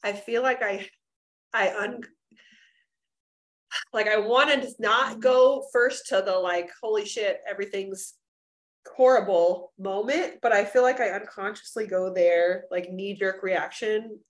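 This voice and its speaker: A woman's voice: mid-range voice, steady tone, measured pace, fairly bright tone. A woman co-hosting a podcast in casual chat, talking in loose run-on sentences full of "like" and acting out the voices she quotes. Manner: chatty, filler-heavy, acts out quoted voices. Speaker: podcast co-host.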